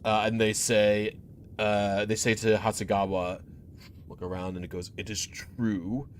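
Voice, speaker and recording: A man's voice: on the low side, flat delivery, moderate pace, slight background noise. A man running a tabletop game as game master, narrating in a rambling, hesitant way with many fillers.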